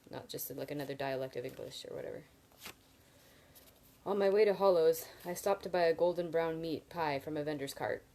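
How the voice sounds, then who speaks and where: A woman's voice: deep voice, warm tone, low-quality recording. A woman reading a novel aloud on a live video, stopping now and then for casual asides to her viewers. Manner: casual asides between reading, laughs at comments. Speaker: reader.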